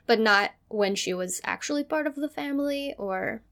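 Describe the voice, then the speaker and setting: A woman's voice: fairly high pitch, animated, moderate pace, fairly bright tone, clean tone. A woman hosting and producing a podcast, talking in a loose, conversational way with filler words. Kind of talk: casual chat.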